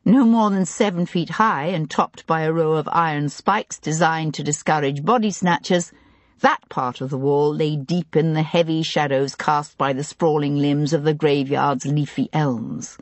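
A woman narrating an audiobook in a steady, even storytelling manner. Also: sits low, a little slow, dry recording.

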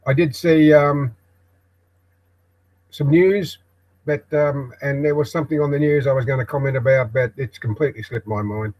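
An older man with an Australian accent talks off the cuff on his own live broadcast, recorded in a backyard shed office. His voice sits at an ordinary middle pitch. He speaks in a halting, meandering way, full of ums, pauses and false starts. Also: steady tone, a little mellow, rough recording. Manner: hesitant, halting, many ums and restarts. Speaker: live stream host. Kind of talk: rambling live broadcast monologue.

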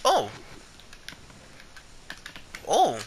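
A young man giving casual gameplay commentary, excitable and foul-mouthed, trash-talking the players he fights. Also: high-pitched, very slow, a little hiss or hum. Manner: excitable, swears a lot, trash-talks opponents.

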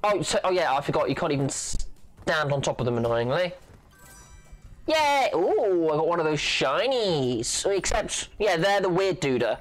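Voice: mid-range voice, sing-song, moderate pace, soft background music. A gaming channel host giving playful, goofy let's-play commentary, full of silly sound effects and chatter.

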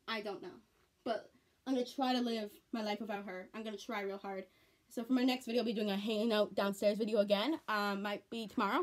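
A teenage girl chatting casually in a home vlog, rambling and repeating herself in an earnest way. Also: medium pitch. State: tearful, on the verge of crying. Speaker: vlogger.

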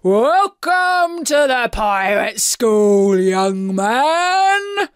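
A woman voicing a tall, menacing pirate captain with a booming, theatrical delivery in a children's storybook reading. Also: very animated, drawn-out words, clear, resonant tone, no echo, clean studio sound, full character voice. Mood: booming menace.

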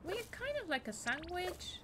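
A woman streaming a video game, chatting excitedly, swearing and talking to the characters on screen. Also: extremely high pitch, normal speed, background noise. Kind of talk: casual game commentary.

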